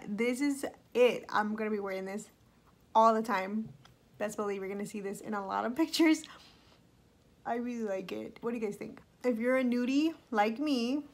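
A young woman vlogger giving a bubbly, playful makeup review, talking straight to her viewers. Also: fairly high pitch. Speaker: beauty vlogger.

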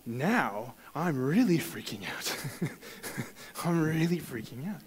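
A man sharing a personal testimony in a sermon, telling the story with animated stammered restarts and bursts of laughter. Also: fairly high pitch, takes it slowly, big-room sound, low-quality recording. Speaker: church speaker sharing a testimony.

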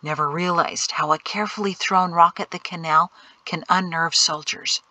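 A woman reading the lines of a wary man in an audiobook, in plain, cautious speech. Her tone is bright and the recording dry and close. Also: fairly low pitch, fairly even intonation, normal speed, no echo. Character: watchful man emerging from the dark.

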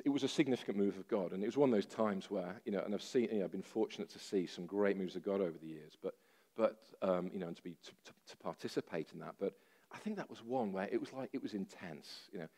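A man preaching a sermon, telling a story with lively, self-deprecating humor and many fillers. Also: low-pitched.

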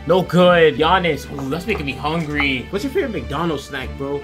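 A young man giving loud, profane play-by-play commentary over a basketball video game, shouting at big plays. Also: on the high side, lively intonation, normal speed, loud music behind the voice. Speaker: gaming YouTuber.

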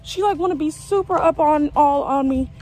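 A woman of twenty-one telling a story in a casual, animated way in a vlog. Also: high voice, normal speed, soft background music, rough recording. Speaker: vlogger.

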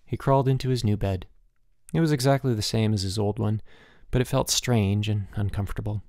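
A man narrating a children's novel as an audiobook in an expressive storytelling manner. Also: on the low side, fairly quick, no echo, clean studio sound. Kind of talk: scripted narration.

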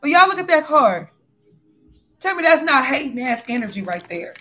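A woman's voice: high-pitched, very animated, moderate pace, fairly bright tone, slight background noise. A woman giving a casual spiritual tarot reading, talking bluntly and animatedly, with frequent swearing. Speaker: tarot reader.

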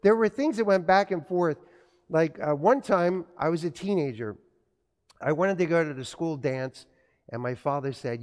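A man's voice: on the high side, normal speed, a little mellow. A middle-aged man preaching a sermon, telling stories from his childhood and acting out family dialogue. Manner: storytelling, acts out family dialogue. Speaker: pastor. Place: church. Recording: reverberant church hall.

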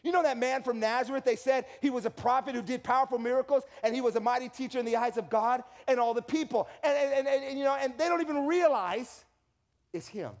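Male pastor, high voice, lively sermon delivery with acted-out quotes. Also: quick pace. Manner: animated storytelling with acted quotes and repeated restarts.

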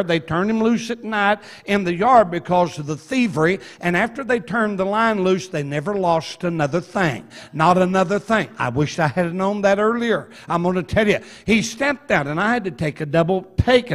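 A man preaching a revival sermon in a church, telling folksy stories with slow emphasis and quick asides. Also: sits high. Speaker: evangelist. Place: church sanctuary.

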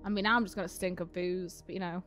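A woman's voice: lowish voice, steady tone, fast talker, a bit bright, faint music behind. A young woman in casual gaming chat, swearing, laughing and teasing her co-host.

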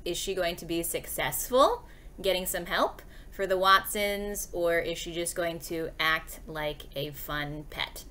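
Woman teacher, storytime read-aloud, chatty, asks questions, lively sing-song pitch. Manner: warm, chatty, asking the class questions. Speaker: second-grade teacher.

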